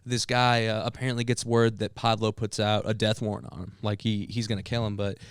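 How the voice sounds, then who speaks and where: A young man, a podcast co-host, telling a story in casual chat among friends, animated, with filler words and swearing. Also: fairly low pitch, fairly quick, smooth, no echo, studio quality.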